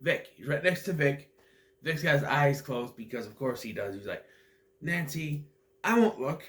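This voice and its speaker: A man's voice: mid-range voice, animated, moderate pace, fairly bright tone. A man giving a casual, rambling movie recap that meanders and often loses its thread. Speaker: movie reviewer.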